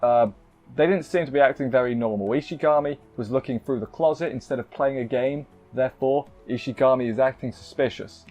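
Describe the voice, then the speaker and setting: A man's voice: mid-range voice, fairly quick, darkish tone, faint music behind. A man casually recapping an anime episode, rambling and cutting himself off with playful asides. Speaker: anime reviewer.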